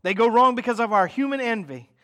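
A man with a high voice preaches in a conversational way, often pausing to check in with his listeners. He slips into mock voices to act out their everyday complaints. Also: a bit bright. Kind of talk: sermon.

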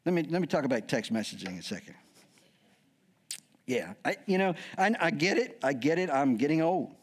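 A man's voice: on the high side, moderate pace. A middle-aged man preaching a sermon as a pastor, joking and acting out voices as he goes. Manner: lively, joking, acts out quoted voices.

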